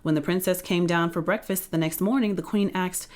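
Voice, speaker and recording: A woman reading a children's picture book aloud in a playful, expressive storytelling voice. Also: on the low side, fairly quick.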